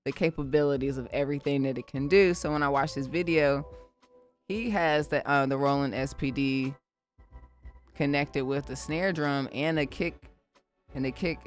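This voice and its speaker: A woman hosting a live music-production stream, chatting casually and talking straight to her viewers. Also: rumbling low. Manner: animated and chatty, addressing viewers directly. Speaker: livestream host and beatmaker. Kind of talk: casual livestream chat.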